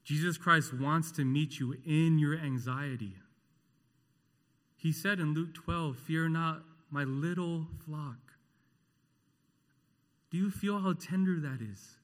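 Slow, earnest preacher man in echoey hall. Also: on the high side. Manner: impassioned, swinging from loud rhetorical questions to hushed tenderness. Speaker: pastor. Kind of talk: sermon.

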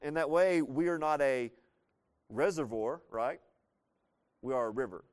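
A man's voice: medium pitch, animated, unhurried. A man with a Southern US accent preaching a sermon as a pastor, in a conversational, folksy storytelling way with sudden bursts of emphasis. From Southern United States.

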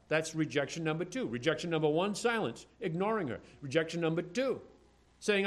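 Animated preaching man, lively pitch. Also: brisk. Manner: animated preaching, acts out the disciples' complaints; reads scripture in old-fashioned phrasing. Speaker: pastor. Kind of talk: sermon.

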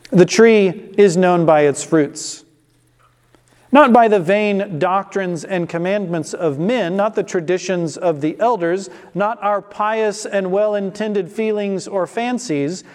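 A man's voice: sits high, big-room sound. A man giving an emphatic expository sermon on scripture, using rhetorical questions. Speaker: preacher.

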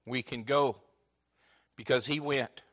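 A man preaching a sermon in short, repeated phrases, rising to loud emphasis and dropping to a hush. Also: medium pitch, fairly even intonation, takes it slowly. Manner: swings between loud emphatic lines and hushed near-whispers. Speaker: pastor.

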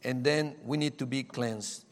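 Slow, earnest male preacher. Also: medium pitch, fairly even intonation. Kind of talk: sermon.

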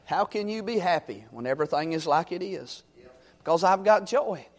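Preacher man, high voice, fired up then quiet and folksy. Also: lively intonation, moderate pace. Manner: fervent, swings from loud exhortation to quiet storytelling. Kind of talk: sermon.

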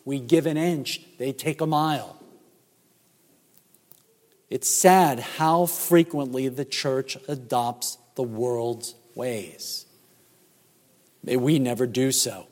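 A man preaching a sermon as pastor, emphatic and measured, with rhetorical questions. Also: mid-range voice, fairly even intonation, a little mellow. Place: church sanctuary. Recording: church hall reverb.

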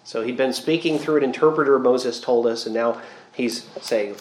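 A man's voice: mid-range voice, normal speed. A man giving a Bible study lecture, explaining the text thoughtfully with reflective asides. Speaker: Bible teacher. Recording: roomy echo.

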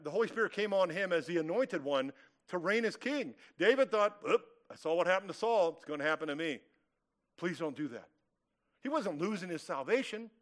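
A man's voice: high voice, fairly bright tone. A man from California preaching an expository sermon, emphatic, asking rhetorical questions and acting out quotes. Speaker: pastor.

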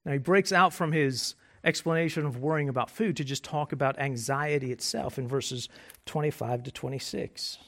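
A man preaching a sermon as pastor, animated and joking, sometimes dropping to soft, hushed phrases. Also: mid-range voice, normal speed.

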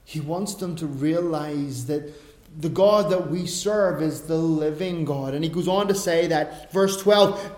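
A man preaching a sermon in a conversational way, swinging between quiet asides and loud, emphatic stresses. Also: fairly high pitch, a little slow. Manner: conversational, tells personal anecdotes. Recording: roomy echo.

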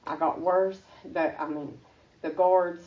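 A woman telling her personal faith testimony in an earnest, halting, emotional way. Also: lowish voice, steady tone, highs cut off.

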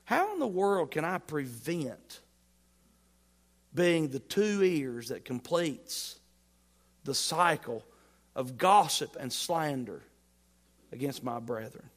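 A man preaching a sermon as pastor, folksy and playful, swinging between loud emphatic lines and quiet asides. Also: fairly high pitch, big pitch swings, slow, pauses often. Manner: folksy humor, playful mock dialogue.

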